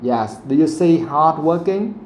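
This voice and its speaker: Slow echoey male English teacher. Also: a little high, lively intonation, a little mellow. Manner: asks questions again and again, quotes the audio slowly. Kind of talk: live pronunciation lesson. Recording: echoey room, faint background noise.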